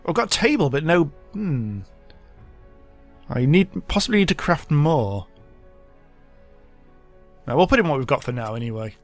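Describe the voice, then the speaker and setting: A man's voice: a little high, expressive, normal speed, pauses often, soft background music. A man hosting a let's play, giving rambling, self-mocking commentary as he thinks aloud. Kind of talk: casual gameplay commentary.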